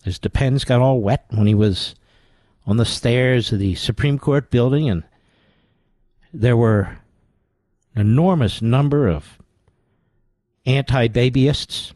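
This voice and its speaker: A man's voice: medium pitch, takes it slowly, long pauses, darkish tone, no echo. Sarcastic, combative talk radio man. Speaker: radio talk show host. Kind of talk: political talk radio commentary.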